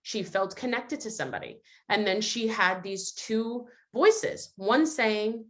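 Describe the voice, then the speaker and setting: A woman's voice: medium pitch, expressive, unhurried, few pauses. Earnest woman hosting a video call. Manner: earnest, reflective, acts out quotes. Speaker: host. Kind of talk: casual reflective talk.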